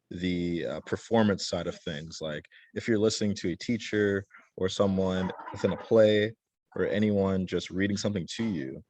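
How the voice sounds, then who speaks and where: Very deep-voiced male teacher. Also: a little mellow. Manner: casual, many fillers and restarts. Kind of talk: online class lesson.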